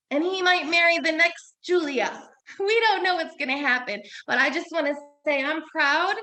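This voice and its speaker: High bright-voiced woman, heartfelt speech. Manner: heartfelt, repetitive emphasis. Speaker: advocate and mother of a solitary survivor. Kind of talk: emotional press conference speech.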